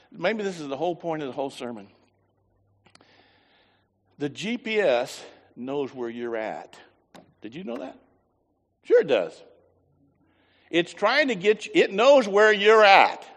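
A man preaching a sermon, telling a folksy story with lively voiced asides. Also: high voice, in a large hall. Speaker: pastor.

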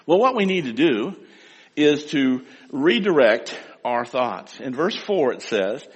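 A man preaching a sermon to a congregation in a large hall, telling stories in a lively way and addressing the listeners directly. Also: medium pitch, takes it slowly, husky. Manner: animated storytelling, acts out loud pleading prayers. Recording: long hall reverb.

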